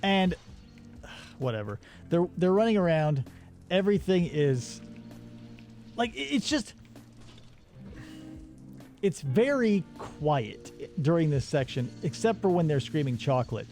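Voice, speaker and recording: Animated sarcastic male host. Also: fairly high pitch, slow, long pauses, soft background music. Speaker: radio show host. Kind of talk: casual movie-review chat.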